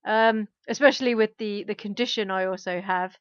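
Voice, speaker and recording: A woman's voice: medium pitch, fairly even intonation, normal speed, clear, resonant tone, no room sound. A young woman in casual gaming chat, self-deprecating and rambling, with frequent restarts. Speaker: gaming co-host. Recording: dull lo-fi mic.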